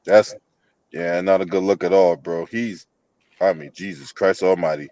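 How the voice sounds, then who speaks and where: A man's voice: low voice, fairly even intonation, normal speed, mellow. A man hosting a casual sports chat, loose and slangy, swearing freely. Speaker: podcast host.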